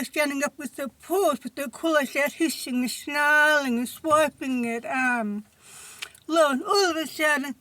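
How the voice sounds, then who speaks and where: A woman's voice: high voice, pushed and bright, no echo. A woman telling a storytime vlog in a chatty, rambling way, often saying "I mean". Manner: chatty, rambling, fills with "I mean" and "you see what I mean". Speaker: vlogger.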